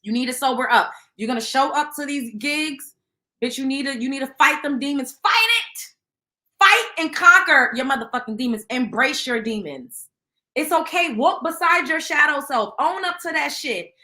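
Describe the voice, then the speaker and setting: Woman gossip host, blunt and profane, bright voice, echoey room. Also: high voice, normal speed. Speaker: show host. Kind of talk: casual celebrity gossip commentary.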